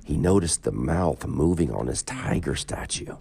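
A man reads a children's adventure story in a very deep, gravelly voice. His pitch moves a lot as he reads, slow and unhurried. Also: a crowd in the background. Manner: slow, expressive reading. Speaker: narrator. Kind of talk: storybook reading. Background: soft guitar music.

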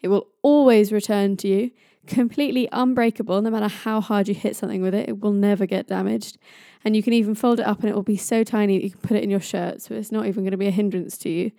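A woman's voice: mid-range voice, steady tone, fast talker, vocal fry, few pauses, mellow, dry recording, clean studio sound, natural voice. A woman doing an eager, sheepish dwarf smith. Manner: sheepish, then eagerly selling.

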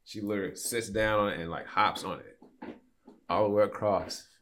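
A man's voice: lowish voice, normal speed, a little hiss or hum. A man in his fifties telling a long story as a podcast guest, acting out the voices of the people in it. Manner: animated storyteller, acts out quoted voices. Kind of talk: casual storytelling.

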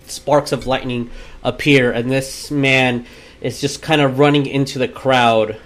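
A man's voice: mid-range voice, steady tone, unhurried, a bit bright. A man narrating as game master of a tabletop game, casual and loose, with many fillers.

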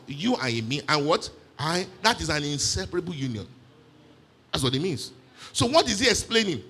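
Husky guy preaching, voice swings all over, lots of hallelujahs, fairly high. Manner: animated preaching with exclamations and mimicry. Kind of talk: sermon.

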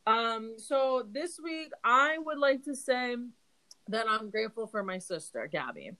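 A woman's voice: a little high, animated, measured pace, pushed and bright, low-quality recording. A young woman co-hosting a podcast in casual chat, laid-back and candid, with frequent "um"s. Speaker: podcast co-host.

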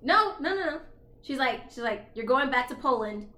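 A woman's voice: high-pitched, normal speed, reverberant. A young woman co-hosting a podcast, retelling a film's plot in a casual chat, acting out the characters' lines and swearing freely. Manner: animated retelling with quoted dialogue, swearing, laughing. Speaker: podcast co-host. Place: apartment.

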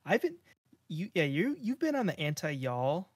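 A man's voice: on the high side, big pitch swings, measured pace, slightly rough, no room sound, studio quality. A young man co-hosting a podcast, chatting casually in an easygoing, teasing way. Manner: easygoing, laughs often, teasing. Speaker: podcast co-host. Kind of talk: casual chat.

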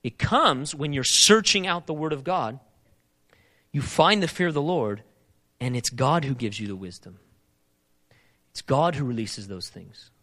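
A man preaching a sermon, asking emphatic repeated questions and moving between urgent loud passages and quieter reflective talk. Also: medium pitch, lively intonation, a little slow, long pauses. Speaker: pastor.

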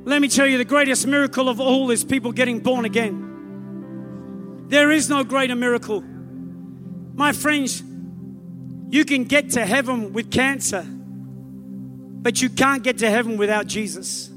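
A man with an Australian accent preaching a revival sermon in church, telling stories fast and rising to shouted calls, with soft music behind. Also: very high-pitched. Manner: fervent, rapid storytelling building to shouted calls. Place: church meeting.

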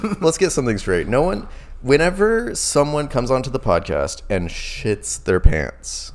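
A man's voice: medium pitch, big pitch swings, unhurried. A man co-hosting a casual podcast chat, hesitant and self-mocking.

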